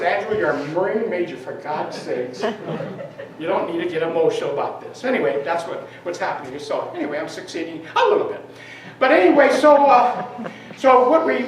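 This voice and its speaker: A woman's voice: medium pitch, slight background noise. A woman giving an informal sermon to a congregation, talking conversationally and putting questions to the audience. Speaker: lay minister giving a talk. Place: church meeting room. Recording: very echoey hall, distant mic.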